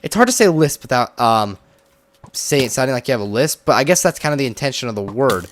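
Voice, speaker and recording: A man's voice: mid-range voice, sing-song, quick pace. A man chatting casually while playing a building game, rambling and filling his talk with "like". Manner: rambling, chatty, heavy use of "like". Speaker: gaming video host. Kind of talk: casual gameplay commentary.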